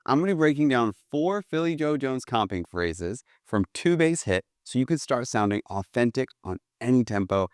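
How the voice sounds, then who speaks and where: A man teaching a jazz drum lesson in a relaxed, eager way, often checking in with "right?" between drum examples. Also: medium pitch, moderate pace, few pauses, clear, resonant tone, dry recording, studio quality. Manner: casual, enthusiastic, keeps asking "right?". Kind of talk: instructional video lesson. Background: drum kit played between phrases.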